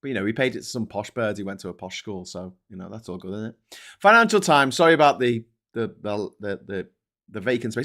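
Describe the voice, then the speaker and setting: A man runs a live stream with loose, sweary chatter that keeps getting sidetracked, turning excitable whenever he thanks viewers. He speaks fairly quickly in a fairly low voice.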